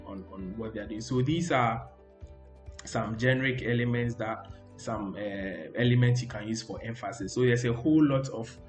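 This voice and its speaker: A man teaching a coding tutorial over a screen recording, talking loosely and repeating "okay, so" between steps. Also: fairly low pitch. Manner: loose, repetitive, frequent "okay, so". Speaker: coding instructor. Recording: roomy echo.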